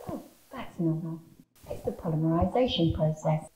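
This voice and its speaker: An actress playing a calm, matter-of-fact doctor in an audio drama, reassuring a patient. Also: female voice, low voice, normal speed, reverberant, poor audio. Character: calm, smooth-talking woman doctor.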